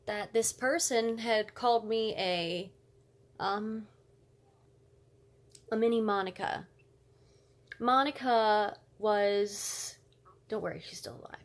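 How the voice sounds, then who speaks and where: A woman vlogger telling a story as a casual rant, fired up and blunt, with cursing. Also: mid-range voice.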